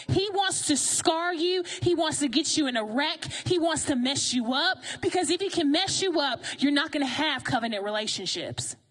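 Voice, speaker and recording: A woman preaching a sermon in a lively, conversational way, often asking the congregation questions. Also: high voice.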